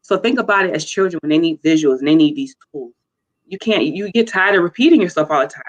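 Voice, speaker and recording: A woman's voice: on the low side, lively intonation, quick pace, poor audio. A woman guest sharing a heartfelt personal testimony as a mother, speaking in an earnest way. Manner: earnest, heartfelt, warm storytelling. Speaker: guest, mother of children with special needs. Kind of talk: personal testimony in a talk show interview.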